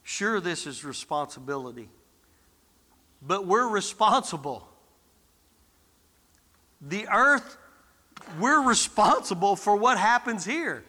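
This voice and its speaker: A man's voice: high voice, animated, slow, long pauses, pushed and bright, in a large hall. A man preaching a sermon as a guest preacher, exhorting and calling out to the congregation. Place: church sanctuary.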